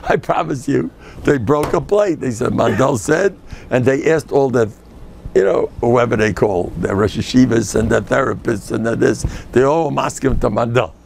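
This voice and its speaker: A man's voice: medium pitch, moderate pace, gravelly, a little mellow, a little hiss or hum. An older man, a rabbi giving a lecture to a live audience, who jokes and tells stories and acts out the people in them. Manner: joking, storytelling, acts out quoted people.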